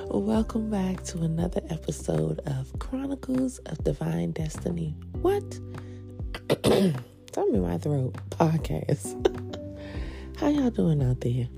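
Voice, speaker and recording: A woman's voice: fairly low pitch, very animated, slow pace, vocal fry, long pauses, music in the background. A laid-back woman hosting a podcast in casual chat, sounding stuffy and nasal from phlegm and laughing often. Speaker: podcast host.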